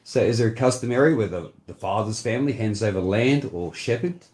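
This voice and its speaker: A man's voice: on the low side, brisk, darkish tone. A man from Polynesia in a casual online chat, talking emphatically and lecturing. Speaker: chat partner.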